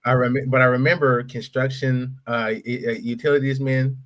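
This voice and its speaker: A man's voice: mid-range voice, normal speed. A man, a veteran guest on a podcast, telling a casual story in slangy speech with lots of repeats, acting out the people he quotes. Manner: animated storyteller who acts out the people he quotes.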